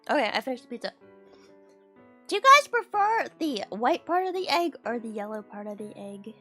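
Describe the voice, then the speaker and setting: A woman's voice: a little high, sing-song, normal speed, pushed and bright, soft background music. A woman streamer chatting casually with her viewers, rambling and giggly. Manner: rambling, giggly, talks to chat. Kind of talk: casual livestream chat.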